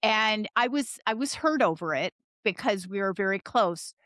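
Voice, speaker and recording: A woman's voice: mid-range voice, lively intonation, normal speed, fairly bright tone, no echo, studio quality. A woman guest on a podcast, telling a personal story in casual chat with some hesitation.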